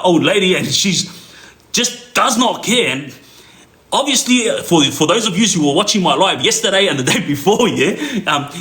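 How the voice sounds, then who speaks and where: Australian man, rambling storyteller, bright voice, echoey room. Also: on the high side. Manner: rambling with many fillers and restarts. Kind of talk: casual storytelling to viewers.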